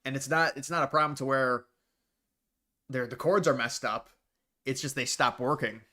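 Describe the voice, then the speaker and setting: A man's voice: medium pitch, moderate pace, sharp tone. A man from Ohio hosting a casual livestream, rambling bluntly through viewer questions with frequent restarts. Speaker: livestream host.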